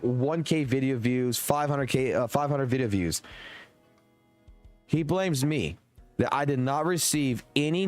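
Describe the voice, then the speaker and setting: A young man from Louisiana with a Southern US accent, ranting and swearing in loose livestream commentary close to his mic. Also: mid-range voice. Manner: animated, profane, rambling rant. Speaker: streamer. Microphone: close desk mic.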